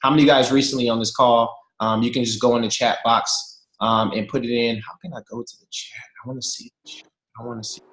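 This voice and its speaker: A man's voice: medium pitch, fast talker. A man in his thirties telling jokey, slangy stories to a team on a video call and talking straight to his listeners. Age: 30s. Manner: lively, slangy, jokey, addresses listeners directly. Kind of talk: animated storytelling to a group. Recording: echoey room over a video call.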